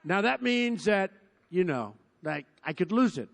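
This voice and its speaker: A man in his seventies giving a rambling, boastful campaign rally speech at a large outdoor field, repeating himself and sometimes shouting. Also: sits high, big pitch swings, a little slow, gravelly. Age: 70s. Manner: boastful, digressive, repetitive, bursts into shouting. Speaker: politician at a rally.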